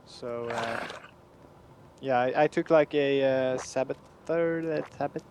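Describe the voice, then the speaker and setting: A man's voice: medium pitch, slow. A young man from Sweden with a Swedish accent, a guest developer speaking hesitantly and searching for English words. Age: young adult. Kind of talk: casual interview chat. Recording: faint background noise.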